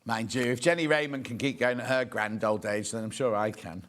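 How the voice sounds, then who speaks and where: A man's voice: mid-range voice, brisk, fairly bright tone. A man in his sixties presenting a live shopping show, chatting and bantering with viewers while he shows products. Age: 60s.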